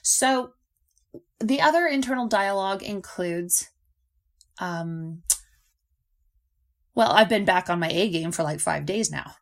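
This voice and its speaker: An animated woman coach hosts her podcast in a casual monologue. She slips into little acted-out inner voices and laughs often, with a voice of ordinary pitch for a woman. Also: takes it slowly, vocal fry, long pauses. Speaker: podcast host and nutrition coach.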